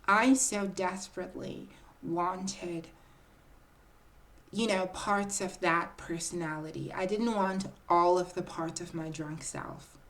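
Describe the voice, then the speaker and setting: Slow, chatty woman telling a story. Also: lowish voice, a bit bright. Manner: chatty, confiding, keeps addressing listeners as "girl"; dramatic storytelling with pauses and restarts. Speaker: vlogger telling a personal story. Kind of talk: casual storytime.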